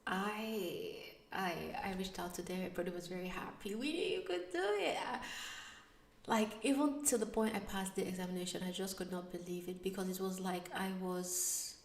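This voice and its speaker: A young adult woman, not a native English speaker, telling a personal story to camera. She keeps dropping to hushed whispers and then bursting out loud. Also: on the low side, a little fast. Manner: animated, switching between hushed whispers and excited bursts. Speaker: vlogger. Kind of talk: casual storytelling vlog. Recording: echoey room, slightly distant mic.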